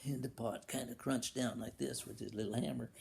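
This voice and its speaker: A man's voice: medium pitch, steady tone, fairly quick, gravelly, darkish tone. A man telling a folksy tall tale, acting out buzzing and banging sound effects, with frequent restarts. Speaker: storyteller.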